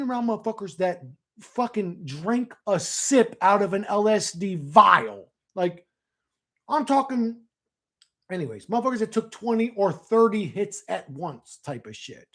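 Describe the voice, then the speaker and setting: A man's voice: sits high, very animated, measured pace, fairly bright tone. A young man ranting crudely on a casual livestream, rambling and slangy, slipping into mocking impressions. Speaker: streamer answering chat. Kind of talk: profane casual livestream rant.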